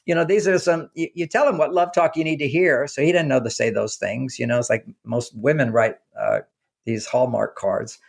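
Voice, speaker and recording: A male author chatting as an interview guest, telling lively stories and slipping into the voices of the people in them. His voice has a gravelly, creaky texture at a middle pitch, and his talk rambles with frequent restarts. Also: moderate pace. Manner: animated storyteller acting out quoted dialogue.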